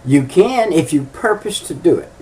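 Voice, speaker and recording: A man's voice: on the high side, sing-song, normal speed, darkish tone, distant mic. An older man preaching a folksy sermon, telling stories with emphatic, chuckling delivery.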